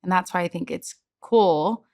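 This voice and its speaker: A woman's voice: fairly low pitch, normal speed, darkish tone, no room sound, clean studio sound. A woman podcast host in a casual interview, asking long rambling questions and affirming her guest.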